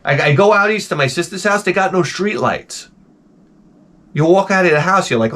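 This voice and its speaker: In a casual ranting monologue, the video host tells exasperated, profane stories and acts out exaggerated voices in bursts. His voice sits high, expressive and fairly bright, at a moderate pace.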